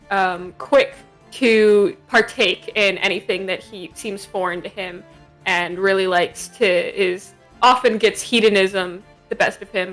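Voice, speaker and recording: A woman player in a tabletop game describes her character in a casual, chatty way. Her voice is bright and open. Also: medium pitch.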